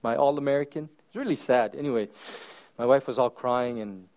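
A male pastor preaching a sermon at a church service, telling stories with swings between loud exclamations and hushed asides. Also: mid-range voice, fairly quick, highs cut off.

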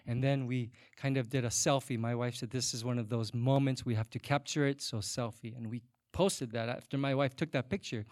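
A man preaching a sermon as pastor, telling a personal story with animated swings between loud and soft and a teasing humor. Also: mid-range voice, brisk, hardly any pauses, no room sound, studio quality.

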